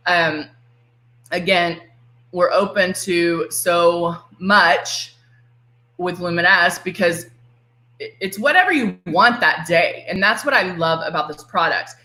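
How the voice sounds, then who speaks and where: A woman's voice: mid-range voice, pushed and bright, echoey room, poor audio. A woman, presenting a casual live makeup demo from home, chatty and giggly, greeting viewers by name. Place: home room.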